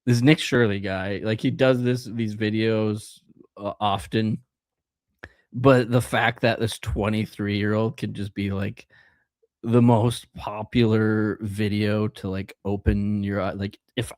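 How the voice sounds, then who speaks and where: A man's voice: on the low side, level tone, slow, darkish tone, no echo. A young man co-hosting a casual podcast chat, rambling and acting out quotes in silly voices. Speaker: podcast co-host.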